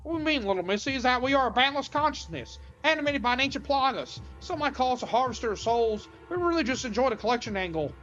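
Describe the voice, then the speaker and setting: A woman voicing an ancient male plant monster that collects souls, speaking in a slow, mock-folksy cowboy drawl. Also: sits high, expressive, fairly bright tone, lo-fi sound, soft background music. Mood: ominous. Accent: cowboy drawl, put-on.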